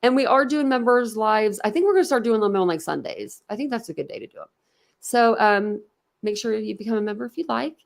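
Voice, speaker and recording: Chatty woman with a gravelly voice. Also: on the high side, lively intonation, brisk. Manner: chatty, reads and answers viewer chat. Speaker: true crime livestream host. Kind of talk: casual livestream chat. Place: at home.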